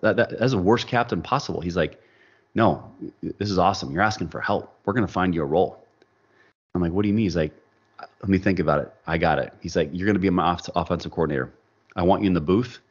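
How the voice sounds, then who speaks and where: Low-voiced guy on a podcast, animated storytelling, kinda muffled audio. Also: fast, breathy edge. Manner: animated storyteller, acts out quoted dialogue. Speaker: podcast guest. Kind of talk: storytelling in casual interview.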